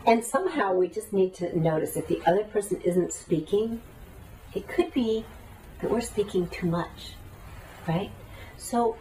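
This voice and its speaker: A woman teacher with a low, mellow voice gives an earnest, talkative lesson and leads breathing exercises. She sits some way back from the microphone, and a faint ambience hangs behind her. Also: distant mic, slight background noise, poor audio. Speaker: meditation teacher. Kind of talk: spoken teaching to a class.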